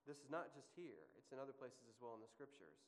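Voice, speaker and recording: A man's voice: mid-range voice, sing-song, quick pace. A man teaching a Bible study to a class, asking them questions and stressing his points. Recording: long hall reverb.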